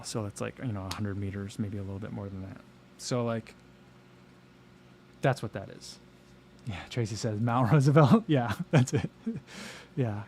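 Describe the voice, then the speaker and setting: A man's voice: medium pitch, darkish tone. Chatty man rambling on a livestream. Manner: rambling, chatty, reads viewer comments aloud. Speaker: livestream host. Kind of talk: casual livestream chat.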